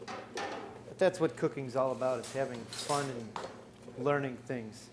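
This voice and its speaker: A man's voice: medium pitch, slow pace, noisy background. A man hosting a cooking show in a studio kitchen, walking through a recipe step by step in an upbeat, joking way. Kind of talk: on-air cooking demonstration.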